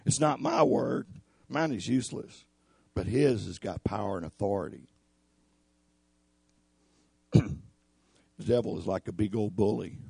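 A man with a raspy voice preaching a sermon in an earnest, emphatic way. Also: lowish voice, mellow, no echo. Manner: earnest, emphatic, addresses listeners as y'all.

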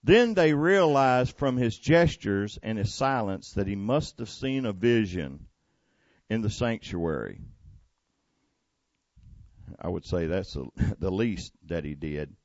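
Folksy man preaching, slow and dry. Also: fairly low pitch, dry recording, lo-fi sound. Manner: folksy, conversational, animated preaching. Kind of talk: sermon.

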